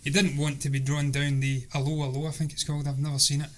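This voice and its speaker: A man's voice: fairly high pitch, flat delivery, fast talker. A man co-hosting a film review podcast, talking eagerly and laughing often. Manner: enthusiastic, talkative, laughs often. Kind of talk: casual chat.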